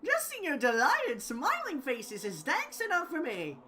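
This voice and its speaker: A woman's voice: high voice, wildly swooping pitch, unhurried, over a noisy crowd, voice pushed up, full character voice. A woman voicing a sadistic male robot bear headmaster in a mock-cheerful, sing-song way. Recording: game music behind.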